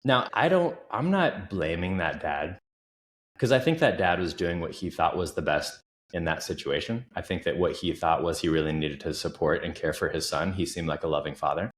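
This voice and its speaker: A deep-voiced coach in his thirties, moving at a moderate pace, tells earnest, emphatic, animated stories as a podcast guest. The talk is a casual interview, and the recording carries a roomy echo.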